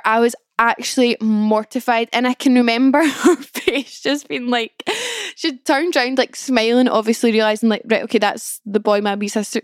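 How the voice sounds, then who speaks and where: A woman's voice: fairly high pitch, no echo, studio quality. Chatty young woman podcaster. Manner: chatty, peppered with "like", self-mocking. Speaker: podcast host. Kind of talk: casual storytelling monologue.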